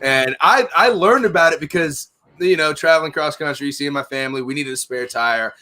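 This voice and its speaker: A man's voice: a little high, normal speed, pushed and bright. A man hosting a casual chat, telling rambling, profane stories.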